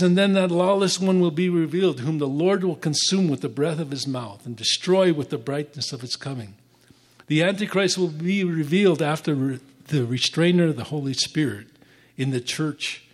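Higher-voiced man teaching the Bible. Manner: reads scripture aloud, then explains it.

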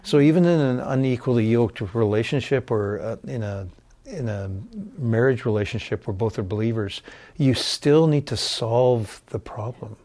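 A middle-aged man speaking as a guest about his marriage, in a candid, halting way that often restarts his sentences. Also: mid-range voice, warm tone. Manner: candid, halting, self-correcting. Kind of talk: personal testimony.

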